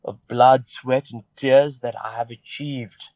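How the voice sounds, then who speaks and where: A man with a South African accent telling a story in a mock-formal voice message, with dramatic pauses. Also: mid-range voice, fairly even intonation, darkish tone, no echo. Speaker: listener submission. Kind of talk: recorded voice message.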